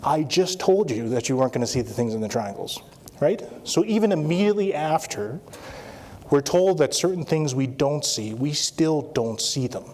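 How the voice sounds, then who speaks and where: A man's voice: on the high side, lively intonation, normal speed, a little mellow. A man who works as an anesthesiologist, presenting an interactive talk at a conference and checking in with the audience again and again. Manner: interactive, repeats "all right?" often.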